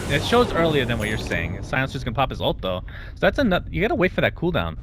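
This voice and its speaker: A man casting an esports match play-by-play, getting excitable and loud at big plays. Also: quick pace, noisy background. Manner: excitable, rises sharply in pitch at big plays. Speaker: esports caster.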